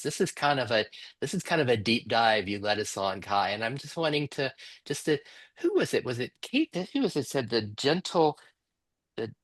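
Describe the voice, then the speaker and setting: A man facilitating a workshop, guiding the group with soft, slow, questioning prompts over a video call. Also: medium pitch, no echo. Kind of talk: guided reflective facilitation.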